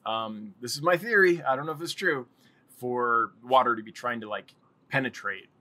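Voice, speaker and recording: A man's voice: medium pitch, moderate pace, bright, forceful tone. A man hosting a casual live stream, rambling and chatting with viewers and laughing often.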